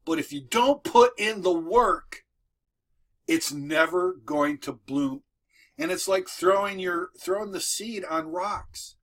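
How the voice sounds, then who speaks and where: A man with a high, bright voice gives a casual motivational talk to camera. He repeats himself and restarts phrases in a folksy way. He is recorded at home. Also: slow. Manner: repetitive, folksy, restarts often. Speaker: moving business coach and video host. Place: at home with dogs nearby.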